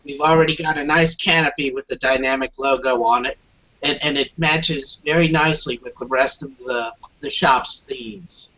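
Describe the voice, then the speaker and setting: A man, a shop owner, talking easily and warmly about his shop on a talk show. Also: medium pitch, steady tone, moderate pace. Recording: dull lo-fi sound.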